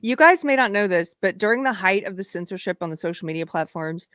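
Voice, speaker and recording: A woman's voice: medium pitch, animated, fast, a bit bright, no room sound, clean studio sound. A woman hosting a live online show, chatting casually and laughing often as she tells stories. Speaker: host. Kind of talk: casual live-stream chat.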